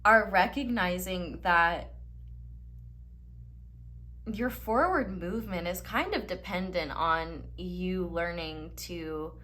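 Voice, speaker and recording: A young woman sits and reads tarot cards for her viewers in an easygoing, encouraging way. Her voice sits a little low for a woman, and she talks loosely with lots of fillers and restarts. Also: slow pace, bright, forceful tone. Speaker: tarot reader. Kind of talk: casual tarot reading to camera.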